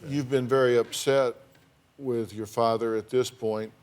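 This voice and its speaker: A man's voice: mid-range voice, fairly even intonation, normal speed, a little mellow, smooth. A man hosting a daytime talk show, asking pointed, probing questions of his guests.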